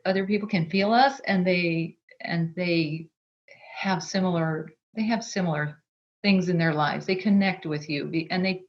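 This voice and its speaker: A woman's voice: lowish voice, steady tone, moderate pace, highs cut off. A woman author talking as a podcast guest, earnest and reflective, often restarting her sentences. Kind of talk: podcast interview conversation.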